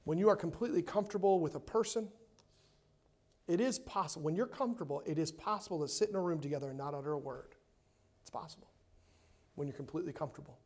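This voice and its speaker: A man preaching a sermon in a church, emphatic, swinging between loud and hushed and repeating words to stress his points. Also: fairly high pitch, fast talker, pauses often. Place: church sanctuary.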